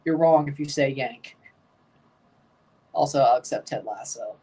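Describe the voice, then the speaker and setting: A man with a Southern American drawl rambles through a live soccer watchalong in a folksy, emphatic voice. He sits somewhat back from the mic, so the sound sits a little distant. His pitch lands in an ordinary middle range. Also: a little slow, warm tone, husky. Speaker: livestream watchalong host. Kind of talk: casual live match reaction.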